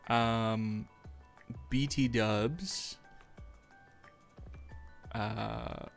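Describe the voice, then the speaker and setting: A man chatting on a live stream while he animates, his voice gravelly with fry. He talks slowly and rambles into self-mocking jokes, with faint music playing behind him. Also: fairly low pitch, fairly even intonation. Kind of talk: casual livestream chat while animating. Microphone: streaming microphone.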